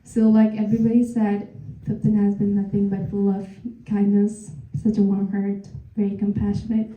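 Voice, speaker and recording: A woman's voice: medium pitch, monotone, normal speed, dark tone. A woman from Nepal giving a hesitant tribute to a friend. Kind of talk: casual speech. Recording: phone-like echoey sound.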